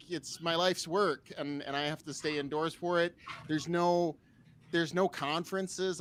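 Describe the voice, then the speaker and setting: A man's voice: fairly high pitch, a little hiss or hum. A man doing a rambling, self-deprecating stand-up set, often laughing at his own jokes. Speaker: stand-up comedian.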